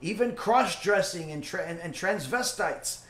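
Halting man teaching in an echoey room. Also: sits high, expressive, a bit bright. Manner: halting, many fillers, repeats key phrases. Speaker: rabbi teacher. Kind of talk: Torah class Q&A.

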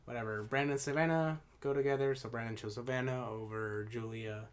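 A woman's voice: extremely low pitch, fairly even intonation, a little fast, clear, resonant tone. A woman co-hosting a casual podcast, rambling with many fillers as she recaps. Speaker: podcast co-host. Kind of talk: casual chat.

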